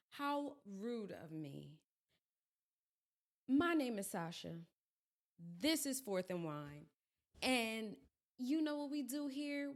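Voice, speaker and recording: A podcast host chats casually, her slightly high voice crackly and hoarse while she recovers from an illness. She drifts into chatty, self-deprecating asides.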